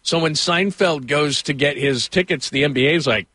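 A man's voice: a little high, moderate pace, pushed and bright, dry recording. A middle-aged man hosting a sports radio show, telling rambling stories and laughing often. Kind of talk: casual sports talk and storytelling.

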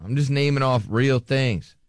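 A man's voice: medium pitch, measured pace, clear, resonant tone, no echo, studio quality. A man co-hosting a casual podcast chat who teases the others with sarcastic remarks. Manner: teasing, sarcastic. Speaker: podcast co-host.

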